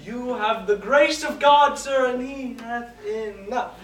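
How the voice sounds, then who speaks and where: Woman as a comic young manservant, amateur stage play, high-pitched, distant and echoey. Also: slow. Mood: playful. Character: young male servant, comic and excitable. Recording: roomy hall, far camera, noise.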